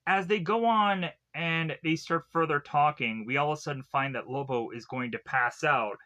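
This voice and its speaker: A man's voice: a little high, moderate pace, bright, forceful tone. A young adult man recapping a movie in a casual, rambling way full of fillers. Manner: rambling, filler-heavy retelling. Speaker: film reviewer.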